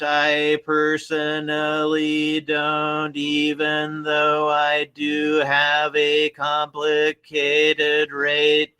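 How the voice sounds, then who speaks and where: A slow, mechanical monotone, as a man puts it on, every syllable stretched and flattened like a machine. It sits a little higher than his usual voice and stays very bright and crisp. Words are spaced out with even, deliberate gaps. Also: full character voice. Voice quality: slow, drawn-out, flat robotic delivery. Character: man talking slow and robotic, as if on a feedback-delay device.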